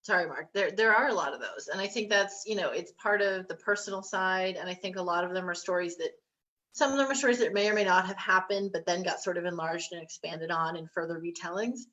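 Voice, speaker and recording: A woman's voice: on the low side, quick pace, pushed and bright, highs cut off. A woman on a history panel, telling stories in a chatty way with many fillers and restarts. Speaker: historic site staff panelist. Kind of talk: casual panel discussion.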